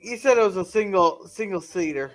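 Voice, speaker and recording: High-voiced man chiming in. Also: lively intonation, faint music behind. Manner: chimes in with quick agreement and adds jokes. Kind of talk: casual episode commentary.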